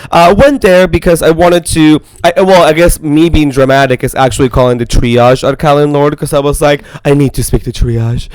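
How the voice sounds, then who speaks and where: A congested man with a slightly higher pitch and a clean, smooth tone, chatting loosely on a podcast. He rambles and laughs easily. The recording is dry and close on the mic. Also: fairly even intonation, moderate pace, few pauses, a little mellow, dry recording. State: congested from a sinus infection. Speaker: podcast co-host. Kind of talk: casual chat.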